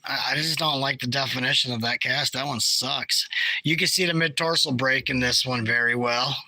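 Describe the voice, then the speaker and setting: Bright, dry-voiced blunt man. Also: medium pitch, normal speed, no room sound, poor audio. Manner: animated, jokey, blunt. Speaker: bigfoot researcher. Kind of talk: casual chat showing field photos.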